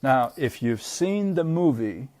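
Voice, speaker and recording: A man's voice: medium pitch, expressive, takes it slowly, a little mellow. A man telling a personal story to camera in a loose, chatty way, full of fillers and tag questions. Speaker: vlogger.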